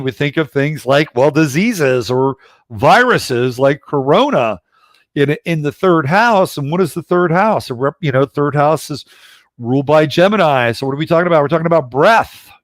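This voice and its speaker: A man's voice: fairly high pitch, no echo, clean studio sound. A middle-aged man hosting a casual livestream about astrology, rambling and blunt, with occasional swearing. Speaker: astrologer host.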